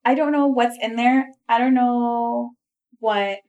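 A young woman flight attendant hosting a podcast, chatting casually and telling lively work stories with frequent laughter. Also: on the high side, takes it slowly, dull audio. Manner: animated storyteller who laughs often.

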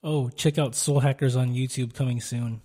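Male podcast co-host, mellow tone, short laid-back replies. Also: mid-range voice, steady tone, moderate pace. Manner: brief back-channel replies. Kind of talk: casual chat.

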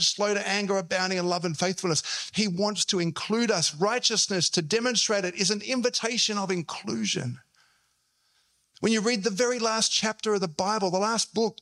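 Bright-voiced pastor preaching. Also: male voice, sits high. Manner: storytelling, acting out quotes in shifting voices. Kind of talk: sermon.

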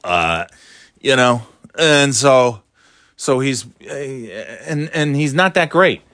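A Northeastern American man hosts a casual solo podcast, rambling and ranting with sarcasm and lots of swearing. His mid-range voice swings widely in pitch, moving slowly with a slightly bright, clean tone. The recording is dry, with clean studio sound.

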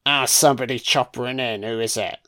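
A man's voice: mid-range voice, fairly even intonation, brisk, pushed and bright. A man doing a casual, crude film commentary, swearing freely and mocking the characters.

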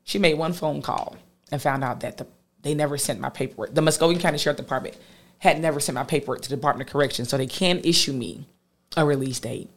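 A woman, a guest telling a personal story in an animated way, acting out what others said. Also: low voice, fast, a little hiss or hum. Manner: animated, quotes others with lively voices.

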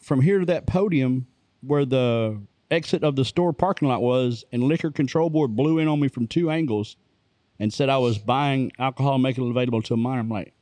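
A man telling a story in casual conversation, plain-spoken and relaxed. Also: mid-range voice, brisk, dry recording. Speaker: co-host.

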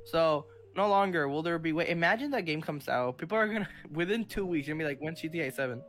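A young podcast co-host chatting casually, excitable and quick to laugh. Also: medium pitch. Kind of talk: casual chat.

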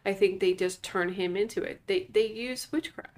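A woman's voice: mid-range voice, moderate pace, darkish tone. A woman co-hosting a podcast, emphatically filling in plot details while chatting casually about a movie. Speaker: podcast co-host. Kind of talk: casual movie recap chat.

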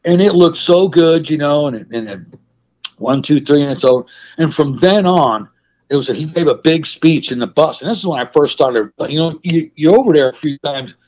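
A man with a fairly high, husky voice tells lively stories full of swearing. The sound is muffled and lo-fi. He talks casually with an interviewer. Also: normal speed. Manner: profane, animated anecdotes. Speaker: guest, wrestling manager.

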